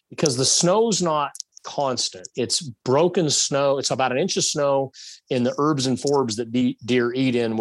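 A man telling a hunting story in a casual, animated way, acting out shots and bits of dialogue. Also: medium pitch, dry recording.

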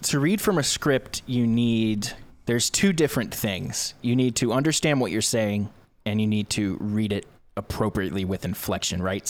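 A young man, a video creator, talking through his work process in a relaxed, chatty interview. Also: medium pitch, no room sound. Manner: explains step by step, relaxed and talkative. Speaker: YouTube creator, guest. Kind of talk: casual conversational interview. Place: home studio room.

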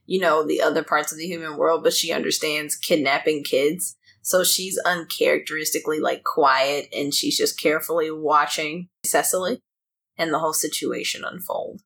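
Woman player, bright edgy tone, a little husky, earnest. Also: sits low, moderate pace. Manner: earnest, describing. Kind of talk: tabletop game play.

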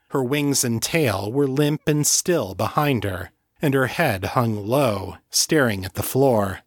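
A man reading fiction aloud as an audiobook narrator, in a measured, deliberate way. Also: medium pitch, fairly bright tone, no echo, clean studio sound. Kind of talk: scripted narration.

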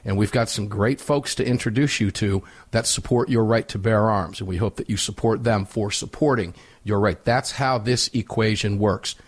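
A man's voice: on the low side, moderate pace. A man hosting a talk radio show, reading sponsor spots and questioning a guest in an upbeat, chatty, folksy way.

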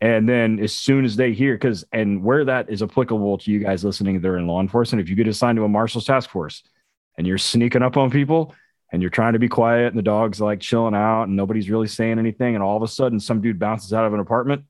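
Man, police dog trainer, rough profane storyteller, lower pitch, dry. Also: fast talker, a little mellow, no room sound. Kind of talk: casual podcast chat.

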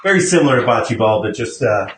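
A man's voice: mid-range voice, lively intonation, quick pace, a little hiss or hum. Laid-back Midwestern man, echoey and distant. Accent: Midwestern American. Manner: laid-back, trailing off with fillers. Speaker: podcast co-host. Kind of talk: casual chat. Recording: roomy sound from off-mic.

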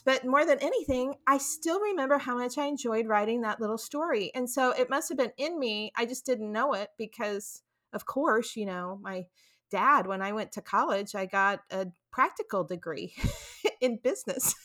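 Chatty woman, slightly high voice. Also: moderate pace, fairly bright tone. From Texas, USA. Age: middle-aged. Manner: chatty storyteller acting out her own quoted lines. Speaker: guest author. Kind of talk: podcast interview, storytelling.

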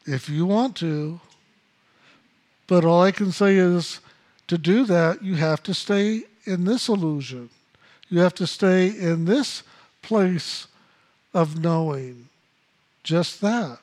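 A man's voice: high voice, takes it slowly, long pauses, darkish tone. A man giving a spiritual teaching talk, emphatic and repetitive, with blunt asides.

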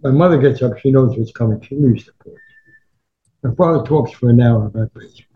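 A man's voice: mid-range voice, brisk, narrow, tinny audio. A man in his nineties from New Jersey, telling old anecdotes and acting out the voices of people he quotes. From Newark, New Jersey, USA. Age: 90s. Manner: animated storyteller who acts out quoted voices. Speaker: sportswriter guest. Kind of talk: anecdotal storytelling.

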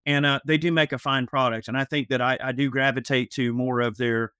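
A man co-hosting a panel show, talking in a measured way full of "uh" and "you know". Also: medium pitch, fairly even intonation, pushed and bright, smooth, dry recording, clean studio sound. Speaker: podcast co-host. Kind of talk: casual panel chat.

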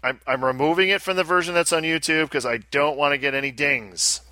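An Australian man chats casually as a podcast co-host, reading out listener mail. His voice is bright and a touch higher than most men's. The sound is close and dry. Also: fairly quick, no echo. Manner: chatty, reads listener mail aloud.

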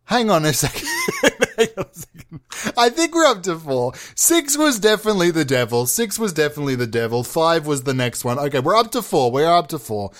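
A man's voice: fairly high pitch, big pitch swings, brisk, few pauses. A man giving a rambling, self-mocking comic monologue as a pretend politician. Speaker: comedic mock politician. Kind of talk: comedic monologue.

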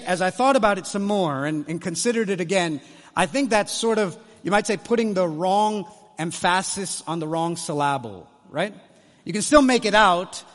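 A man preaching a sermon at a conference, emphatic and repeating his key phrases for weight. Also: high-pitched. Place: large conference hall. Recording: reverberant hall.

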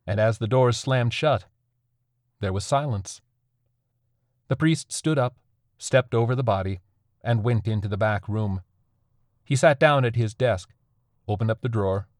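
A man narrating a dark horror story in a steady, measured way. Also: fairly low pitch, no room sound, clean studio sound.

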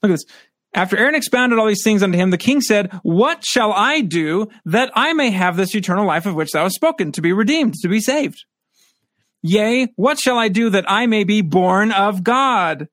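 Male scripture teacher with a high voice, alternating reading and commentary, dry close sound. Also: animated, normal speed, fairly bright tone, no room sound. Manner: reads verses aloud then comments. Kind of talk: scripture study lesson.

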